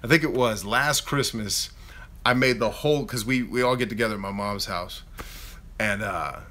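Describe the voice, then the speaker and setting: A man in his thirties hosting a casual live Q&A, chatting in an animated way and reading out viewer questions. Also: fairly low pitch, normal speed. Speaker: YouTube host answering live chat.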